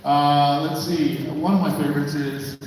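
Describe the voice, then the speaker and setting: A man's voice: fairly high pitch, flat delivery, normal speed, a little mellow. A man voice actor introducing himself on a convention panel, easygoing. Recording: echoey hall, distant mic, noisy.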